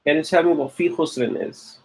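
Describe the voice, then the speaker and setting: A man lecturing on grammar with a slightly husky, fairly high voice. He teaches patiently, often asks "okay?" and slows down to stress key terms. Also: fairly even intonation. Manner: patient, checks in with frequent "okay?" and "correct". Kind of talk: classroom lecture.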